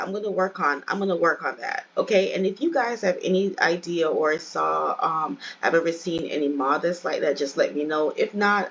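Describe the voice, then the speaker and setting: A woman's voice: lowish voice, husky, lo-fi sound. A woman hosting a let's play, giving chatty, casual commentary and addressing viewers directly.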